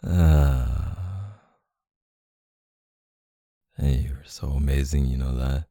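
A man speaking softly and closely in an intimate audio role-play, murmuring like a partner. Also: a bass voice, drawn-out words, no echo, clean studio sound.

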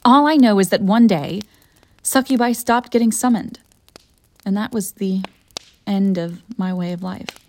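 A woman's voice: mid-range voice, unhurried, pauses often, slight background noise, natural voice. A woman voicing a proud, bored, centuries-old female succubus in an audio role-play for the listener, haughty and theatrical. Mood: grumbling. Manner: haughty and theatrical, defensive when pressed.

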